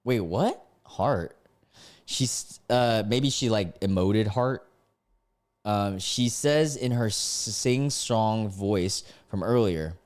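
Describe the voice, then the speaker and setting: A man's voice: fairly low pitch, slow. A young man streaming live, reading stories aloud and reacting with frequent exclamations and laughter. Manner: excitable, laughs and exclaims often.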